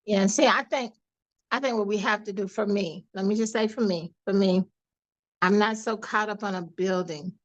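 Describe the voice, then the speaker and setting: A woman guest on a podcast, telling a personal story in a lively, animated way, acting out the voices of the people she quotes. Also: mid-range voice, moderate pace, lo-fi sound. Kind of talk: storytelling in a casual interview.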